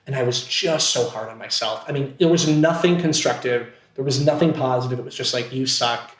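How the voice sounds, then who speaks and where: This podcast guest, an actor hailing from Scranton, Pennsylvania, USA, has a medium-pitched voice and a brisk pace. He tells his story casually, with many fillers, restarts and self-deprecating asides, and the sound is echoey and roomy.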